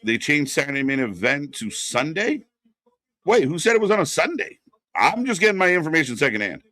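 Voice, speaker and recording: A man co-hosting a live wrestling watch party, reacting and chatting casually, rambling with fillers and breaking into loud excited bursts. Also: a little high, brisk, no room sound.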